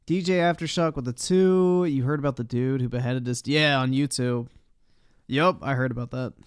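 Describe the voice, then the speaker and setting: A man's voice: mid-range voice, moderate pace, clean tone, dry recording, studio quality. A man streaming live, reacting to a video with exasperated, profane commentary. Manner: exasperated, swears often.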